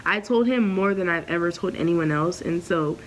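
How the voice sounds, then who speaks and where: A young woman talks straight into the camera for a storytime vlog, candid and animated, with plenty of slang and swearing. Her voice sits lowish for a woman, and her pitch climbs whenever she acts out what someone said. A faint hum of room noise runs under her. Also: moderate pace, rough recording. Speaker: vlogger.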